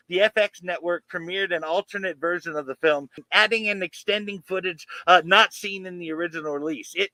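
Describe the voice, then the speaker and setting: High, bright enthusiastic male podcast host. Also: no room sound, poor audio. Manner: enthusiastic, informative, runs through facts. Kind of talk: podcast chat reading film history notes.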